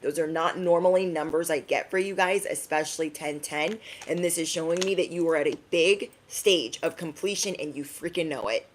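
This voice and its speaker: A woman giving an energetic tarot reading to her viewers, emphatic and sassy, often tagging her lines with "okay?". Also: deep voice, moderate pace, few pauses, slight background noise. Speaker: tarot reader.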